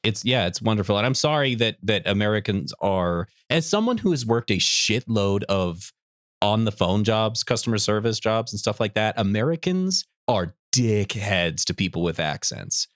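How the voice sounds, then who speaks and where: Man, podcast co-host, casual rambling chat, swears a lot, very animated pitch, dry close sound. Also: moderate pace, no echo. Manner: rambling, profane, self-mocking.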